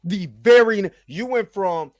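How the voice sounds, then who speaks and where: A man's voice: high voice, unhurried, no room sound, studio quality. A man hosting his own show, ranting animatedly about pop culture, repeating himself and swearing. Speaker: show host.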